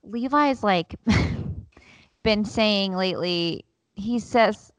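A woman's voice: mid-range voice, extremely slow, no echo. A woman co-hosting a podcast, telling candid stories about her kids in casual chat. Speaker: podcast co-host.

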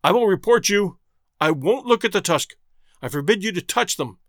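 A man's voice: high voice, expressive, moderate pace, no room sound, studio quality. A man doing an outraged, stuttering trading agent. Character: indignant, excitable male trading agent.

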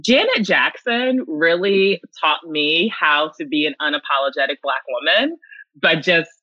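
Earnest woman guest, bright and dry. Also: deep voice, a little slow, no echo, dull audio. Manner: earnest, animated, tearful at times. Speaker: podcast guest, consultant. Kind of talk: emotional interview answers. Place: home.

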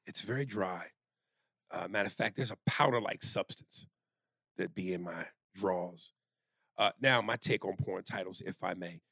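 A man co-hosting a crude comedy podcast, reading listener emails out loud, riffing loudly and slipping into put-on voices and beatbox chants. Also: sits low, moderate pace, slightly rough, no room sound, clean studio sound. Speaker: podcast co-host.

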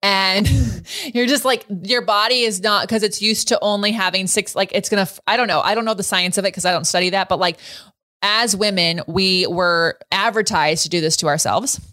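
A woman's voice: medium pitch, moderate pace, bright, forceful tone, dry recording, clean studio sound. A woman in her thirties hosting a podcast, chatting frankly and laughing often as she asks questions. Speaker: podcast host. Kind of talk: casual interview chat.

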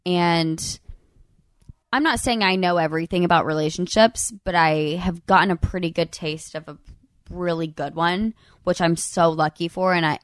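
A woman guest on a podcast, chatting casually, soft-spoken and hesitant with frequent laughs. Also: lowish voice, no room sound, clean studio sound. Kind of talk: casual chat.

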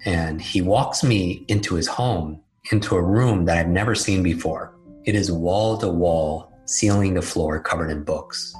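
A man's voice: low voice, measured pace, hardly any pauses, a little mellow, soft background music, poor audio. A man telling a personal story in a candid, self-deprecating, conversational way. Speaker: speaker telling his life story. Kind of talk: storytelling talk.

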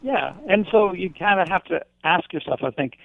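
Gravelly man on a tinny phone line. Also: high-pitched, normal speed. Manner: earnest, rambling with many fillers. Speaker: teacher. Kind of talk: casual interview talk.

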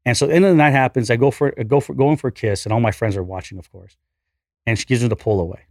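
Man, 40s, fast-paced animated storyteller, dry close sound, casual and profane. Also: mid-range voice, no room sound. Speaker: podcast guest.

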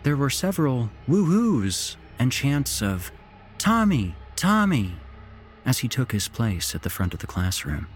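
A man hosting a horror podcast, reading a story in an expressive, unhurried narration. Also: mid-range voice, faint music behind.

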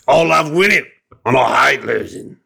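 A man's voice: mid-range voice, lively intonation, normal speed, gravelly, slightly rough, exaggerated voice. A man voicing a brash, foul-mouthed older Australian father who hates losing, in a put-on Australian accent. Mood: blustering. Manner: blustering, swearing, shouting.

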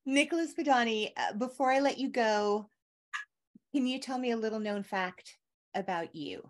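A woman's voice: on the high side, normal speed. A woman hosting a podcast, asking a guest questions in a playful, teasing way. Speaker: podcast host. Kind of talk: casual interview chat.

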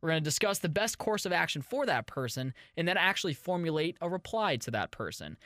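A young man hosting a podcast in a studio, talking quickly and jokingly with frequent swearing and laughs. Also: fairly high pitch, sing-song, bright, forceful tone, no echo. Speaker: podcast host. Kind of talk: casual comedic podcast chat. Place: radio station studio. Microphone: studio mic.

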